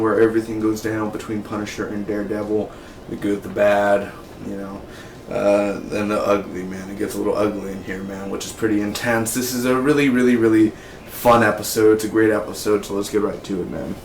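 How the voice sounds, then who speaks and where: A man's voice: lowish voice, level tone, brisk. Laid-back guy rambling through a tv episode recap, keeps saying dude and man, faint hum in the back. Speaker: TV episode reviewer. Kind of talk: casual spoken review. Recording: roomy echo, mic some distance away.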